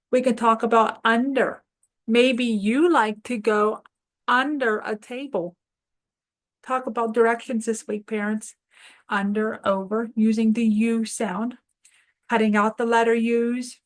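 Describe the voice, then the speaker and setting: Woman host for a toddler lesson; patient, encouraging, call-and-response, slightly high voice. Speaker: preschool teacher and show host. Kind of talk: children's phonics lesson.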